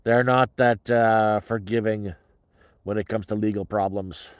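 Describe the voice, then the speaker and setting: A man's voice: fairly low pitch, steady tone, a little slow, dry recording. A middle-aged man telling a story on a casual livestream in a blunt, heavily profane, agitated way.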